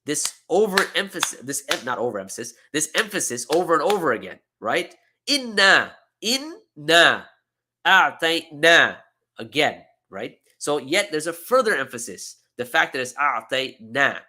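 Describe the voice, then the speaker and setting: A man's voice: medium pitch, sing-song, normal speed, few pauses, bright, forceful tone, breathy edge. A man teaching a seminar, explaining with emphatic repetition and frequent "okay?" and "right?" checks. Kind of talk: lecture.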